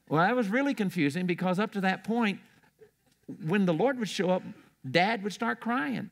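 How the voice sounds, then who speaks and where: A man's voice: high voice, expressive, normal speed, gravelly, fairly bright tone. An older man preaching a sermon in a church, telling stories in a rambling way with restarts.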